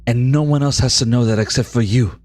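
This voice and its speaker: A man voicing a charming, gentle nobleman in a tabletop game, with a put-on French accent and a soft, reassuring manner. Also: mid-range voice, fairly quick, faint music behind, pitched below the performer's own voice, natural voice. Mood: tender.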